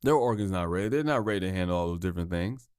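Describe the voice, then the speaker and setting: A man's voice: sits low, expressive, rapid-fire, a little mellow, clear, resonant tone, dry recording, studio quality. A man hosting a solo podcast, ranting in a heated, profane way, often stumbling and repeating himself. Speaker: podcast host.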